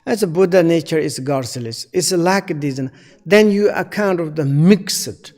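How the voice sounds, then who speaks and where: A man with a slightly high voice teaches Buddhist Dharma, speaking slowly in non-native English. He stops often with fillers as he searches for the right words. His voice carries a long hall-like reverb. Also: darkish tone.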